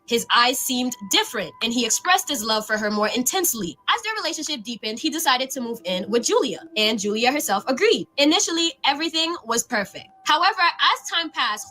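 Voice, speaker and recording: A woman narrating a spooky story submitted by a viewer, in a lively, animated way. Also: sits high.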